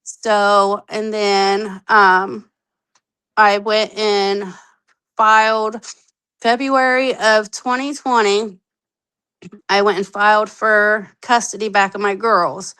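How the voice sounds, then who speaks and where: A woman in her thirties telling her own story candidly on a podcast, animated, acting out the voices she quotes and swearing freely. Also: medium pitch, slow, clean tone, rough recording. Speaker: podcast guest.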